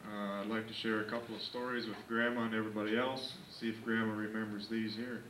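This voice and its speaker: A man's voice: on the low side, flat delivery, fast, a bit bright. A man in his thirties telling rambling, folksy family stories in a casual party speech. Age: 30s. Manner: folksy, rambling storytelling with fillers. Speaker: grandson giving a party speech. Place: indoor family birthday party. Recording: echoey room, distant camcorder mic, faint hiss.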